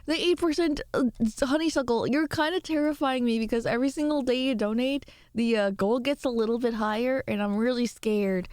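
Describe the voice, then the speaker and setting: A woman's voice: fairly high pitch, a little fast, few pauses, darkish tone, clear, resonant tone, dry recording. A tired woman streamer chatting casually and rambling, laughing as she answers her chat. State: tired from little sleep. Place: home room.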